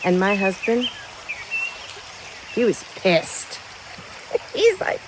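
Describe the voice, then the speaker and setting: A woman's voice: mid-range voice, big pitch swings, extremely slow, long pauses, noisy background. A woman, telling her own story frankly and bluntly as a vlogger, outdoors by a river. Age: 50s. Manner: blunt, frank, laughs between lines. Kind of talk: candid personal storytelling.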